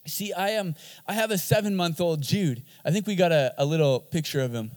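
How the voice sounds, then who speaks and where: A man with a high voice preaches with energy, mixing jokes with emphatic points. His voice rings out with a long reverb, as if in a large church hall. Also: fairly quick, a little mellow. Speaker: pastor. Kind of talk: sermon.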